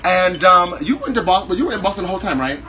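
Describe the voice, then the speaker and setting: A flamboyant man in his thirties from Wisconsin, talking as a guest with a bright, forceful tone. His delivery is campy and playfully over the top, sitting a little high for a man. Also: animated, racing, low-quality recording. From Wisconsin, USA. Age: 30s. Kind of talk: casual chat.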